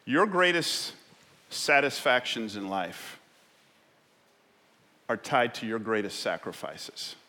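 A male pastor delivering an impassioned sermon in a church, swinging from quiet reflection to loud, shouted exhortation. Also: medium pitch, very animated, takes it slowly, pauses often. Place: church sanctuary in San Francisco. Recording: long hall reverb in a church.

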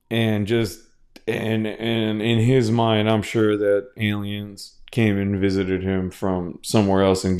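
A man hosting a podcast, talking casually and at length, with many restarts and fillers, swearing freely. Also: on the low side. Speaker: podcast host. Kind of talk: casual solo podcast monologue.

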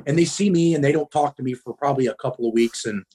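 A middle-aged man from the Midwest speaks as a guest, telling his story bluntly and casually. He swears freely, fills his pauses with ums, and sits at an ordinary male pitch. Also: dark tone, breathy edge. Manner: blunt, profane, frequent ums.

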